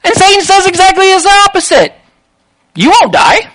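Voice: extremely high pitch, very animated, normal speed, fairly bright tone, rough recording. A preacher giving a sermon in an emphatic way, with rhetorical questions and repeated lists.

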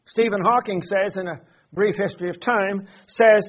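A man preaching a sermon, teaching earnestly and often pausing with fillers and repeated words. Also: sits high, lo-fi sound.

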